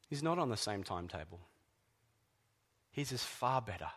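A man preaching a sermon in a deliberate, emphatic way, dropping to soft, hushed words at times. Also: on the low side, sing-song, slightly rough, big-room sound. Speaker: pastor.

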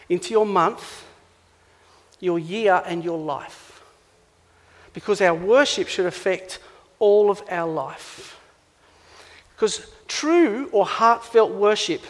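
An Australian man preaching a sermon, animated and playful, acting out little scenes. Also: sits high, big-room sound. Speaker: pastor.

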